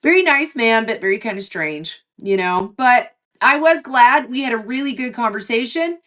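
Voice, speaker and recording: This woman co-hosts a livestream and tells a long story in a relaxed, chatty way, cursing freely and animatedly acting out dialogue with lowered and raised voices. She speaks at normal speed, far from the microphone.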